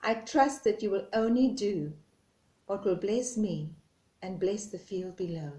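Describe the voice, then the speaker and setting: A woman voicing a devoted, anxious female reed in a spoken parable, her voice lifting high when she pleads, recorded in an echoey room. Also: measured pace, mellow, natural voice. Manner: imploring, rising in alarm.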